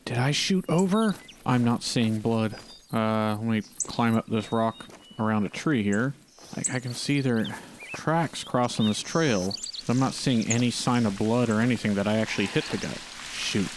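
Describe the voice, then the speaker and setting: A man's voice: medium pitch, moderate pace, a little hiss or hum. A man giving casual gameplay commentary, talking and pleading with the animals on screen. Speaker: gaming channel host.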